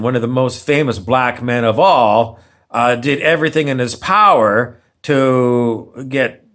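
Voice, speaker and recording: A man's voice: mid-range voice, a bit bright. A man ranting on camera as a vlogger, sarcastic and meandering, often repeating himself. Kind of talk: rambling opinion rant.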